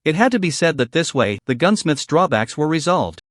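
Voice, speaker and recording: A man reading a scripted story recap in a steady narrating voice. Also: on the high side, fairly quick, no room sound, studio quality.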